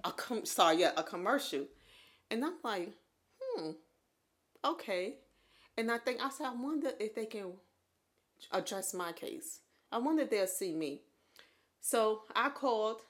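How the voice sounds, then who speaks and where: A woman in her thirties co-hosting a podcast, telling her own story in casual chat, animated and laughing often. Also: a little high, normal speed. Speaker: podcast co-host.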